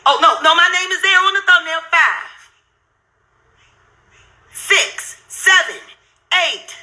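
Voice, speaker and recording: A woman's voice: very high-pitched, animated, slow, sharp tone. A middle-aged woman hosting her own channel, ranting angrily and profanely at viewers while counting through videos on screen. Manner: heated, cursing, repetitive, counts aloud sarcastically.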